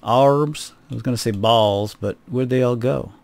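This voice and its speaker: A man's voice: medium pitch, a little slow, creaky, a little mellow, no echo. A middle-aged man giving casual, wry gameplay commentary, chatting to viewers as he plays. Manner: chatty, wry, talks to viewers while playing. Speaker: gaming video host.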